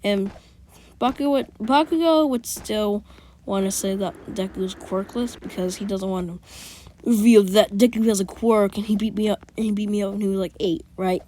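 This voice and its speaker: A woman's voice: medium pitch, steady tone, normal speed, warm tone, slight background noise. A woman casually telling a made-up fan story, rambling with restarts and whispered asides.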